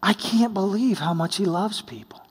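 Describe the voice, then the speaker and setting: Husky high-voiced male preacher in a hall. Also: animated, moderate pace. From United States. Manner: storytelling, swings between hushed and exclaiming. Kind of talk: sermon. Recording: long hall reverb.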